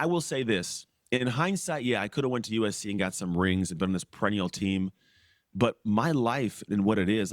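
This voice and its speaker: A former pro football player in his forties, guesting on a podcast, tells a story quickly in a low voice during a casual interview. He animatedly jumps into other people's lines, acting them out, and laughs often as he keeps things moving. The recording is dry and close, with no room around it.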